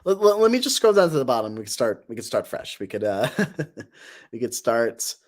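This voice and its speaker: A woman's voice: rumbling low, big pitch swings, moderate pace. A woman streamer and voice actor chatting casually and rambling with self-deprecating humor, her voice a bit worn. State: voice tired from overuse. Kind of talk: casual live-stream chat.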